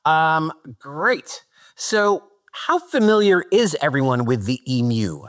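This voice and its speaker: A man's voice: a little high, big pitch swings, takes it slowly, a bit bright. A man hosting a comedic history podcast, reading out the history and polling his panel with dry asides. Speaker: podcast host.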